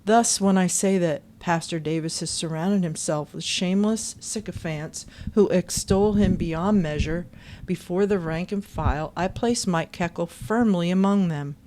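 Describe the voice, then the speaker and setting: A woman's voice: fairly low pitch, measured pace, warm tone, slight background noise. A woman reading forum posts aloud and adding her own indignant, pointed commentary, now and then singing snippets of a chorus.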